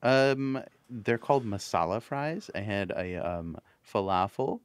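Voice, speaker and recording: A man's voice: lowish voice, animated, unhurried, clear, resonant tone, no echo. A man co-hosting a casual podcast, rambling and playful, who breaks into silly voices now and then. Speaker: podcast co-host. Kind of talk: casual chat.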